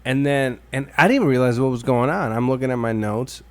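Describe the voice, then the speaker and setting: A man's voice: mid-range voice, fast, no room sound. A man hosting a podcast, telling a crude story in casual, profane chat with lots of laughs and acted-out quotes. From Mexican-American from Illinois. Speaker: podcast host.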